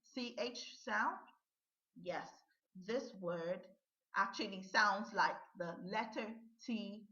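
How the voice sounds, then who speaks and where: A woman teacher running a pronunciation lesson, drawing words out slowly and checking in with "okay?" often. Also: medium pitch, sharp tone. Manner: slow, drawn-out modeling of words, frequent "okay?" checks. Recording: dull lo-fi sound in an echoey room.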